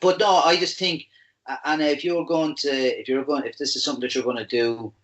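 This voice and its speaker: Irish podcast co-host, easygoing, bright forceful tone, loose chatty delivery. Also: male voice, a little high, fairly even intonation, fast, highs cut off. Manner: joking, easygoing, many fillers. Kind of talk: casual chat.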